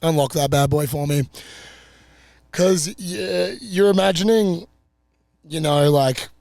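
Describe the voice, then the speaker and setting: A young man co-hosting a podcast, telling travel stories in a lively, laughing, foul-mouthed way. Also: fairly high pitch, slow, creaky. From Australia. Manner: animated, laughing, swearing storyteller. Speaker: podcast co-host. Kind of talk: casual travel storytelling.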